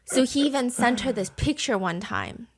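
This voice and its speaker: A young adult woman hosting a podcast, retelling a dating show in animated, gossipy casual chat and swearing for emphasis. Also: on the high side, normal speed. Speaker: podcast host.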